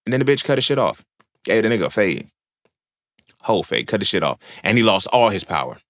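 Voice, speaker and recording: A man's voice: on the low side, big pitch swings, fairly quick, fairly bright tone. A young man hosting a podcast, talking in a casual monologue, slangy, profane and emphatic as he tells stories. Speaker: podcast host.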